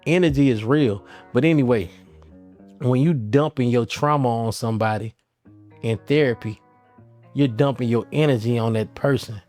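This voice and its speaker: With faint guitar music underneath, a male host addresses his channel's camera in a casual, meandering style full of slang and frequent restarts. His medium-pitched voice moves at a moderate pace and has a slightly mellow quality.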